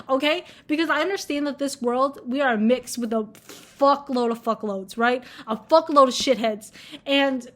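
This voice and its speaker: A woman's voice: high voice, moderate pace. A young woman in college ranting casually to camera, blunt and full of swearing and filler words. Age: young adult. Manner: blunt, swears a lot, many filler likes. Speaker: vlogger.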